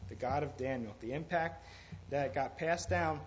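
A man preaching an informal sermon, halting often with fillers and restarts. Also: on the high side. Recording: dull lo-fi recording with faint noise.

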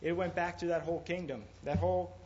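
A man preaching an informal sermon, halting often with fillers and restarts. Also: a little high, fairly even intonation, darkish tone. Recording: dull lo-fi recording with faint noise.

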